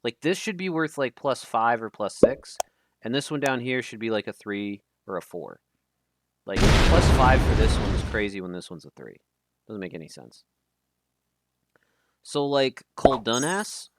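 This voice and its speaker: A man's voice: fairly low pitch, lively intonation, normal speed, long pauses. A man casting a live game tournament stream in a casual, chatty way, often stumbling over names. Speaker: tournament caster. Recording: loud background noise.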